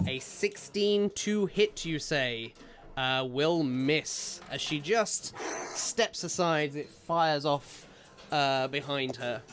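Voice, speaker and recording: A man narrating as game master for a tabletop game, relaxed and full of filler sounds as he describes the scene. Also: mid-range voice, slow, soft background music.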